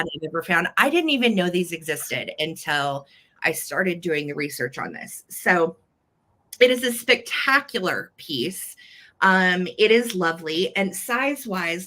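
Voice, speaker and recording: A woman's voice: fairly low pitch, sharp tone. A woman with an American accent hosting a live online auction, gushing over each piece and counting down bids. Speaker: live-sale host.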